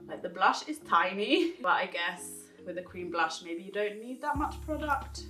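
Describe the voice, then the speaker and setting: A woman's voice: medium pitch, expressive, moderate pace, pushed and bright. A woman giving a casual makeup review in a chatty, giggly way, rambling with fillers as she talks at her table. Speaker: beauty vlogger. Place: indoors at a table, echoey room. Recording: echoey room, voice from a distance, music behind.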